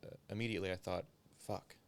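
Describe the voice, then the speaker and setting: A man's voice: sits low, fairly even intonation, fast, smooth. A man, a former police officer, recounting a story in a casual interview, swearing often and filling his speech with "like". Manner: profane, filler-heavy storytelling.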